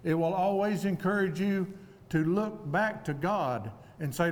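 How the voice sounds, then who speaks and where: A man preaching an evening sermon, earnest and humble, speaking in a measured way with deliberate pauses. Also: high voice. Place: church auditorium. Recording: long reverb of a church hall.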